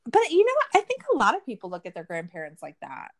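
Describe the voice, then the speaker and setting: A woman's voice: fairly high pitch, wildly swooping pitch, fast talker. A woman co-hosting a casual true-crime recap, sarcastic and profane, full of "like" fillers. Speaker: podcast co-host.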